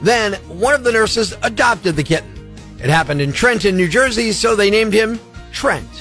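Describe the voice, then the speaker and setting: A man's voice: high voice, animated, normal speed, a bit bright, faint music behind. A man hosting a morning radio show, wisecracking and ranting with energy between caller calls. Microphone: studio mic.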